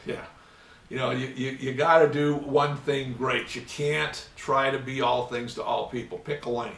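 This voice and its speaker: A man's voice: medium pitch, fairly even intonation, normal speed, gravelly, fairly bright tone. A man giving a classroom lecture, telling anecdotes and acting out the dialogue, with many fillers. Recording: roomy, mic at a distance.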